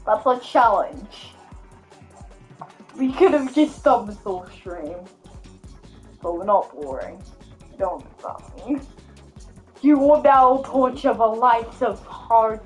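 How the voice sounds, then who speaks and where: A woman joining a gaming stream, laughing and trading jokes with her friend. Her voice sits high and swings widely, and she talks at a slow, easy pace. Faint music runs underneath. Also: lively intonation. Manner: laughing, bantering and playful. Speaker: co-player. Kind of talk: casual gaming stream chat.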